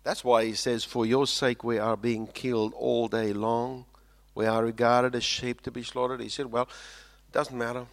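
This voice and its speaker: Slow, dramatic preacher man from South Africa. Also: fairly even intonation. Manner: dramatic swings from loud emphatic lines to quiet low ones; slows down heavily for emphasis, repeats phrases. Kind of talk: sermon.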